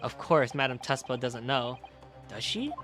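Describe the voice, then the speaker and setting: A man streaming a game, talking through it in an animated, excitable way with swearing and laughs. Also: mid-range voice, measured pace, over music. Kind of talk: casual game commentary.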